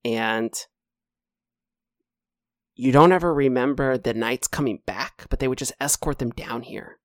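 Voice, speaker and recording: A man running a tabletop game as dungeon master, lively and jokey with quick bursts of speech. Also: medium pitch, no room sound, studio quality.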